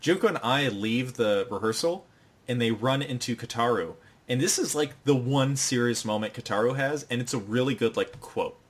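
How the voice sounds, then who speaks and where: Young male podcast co-host, mid-range voice, loose rambling delivery, quick put-on character voices. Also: mid-range voice, slightly rough. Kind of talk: casual chat, recapping an anime episode.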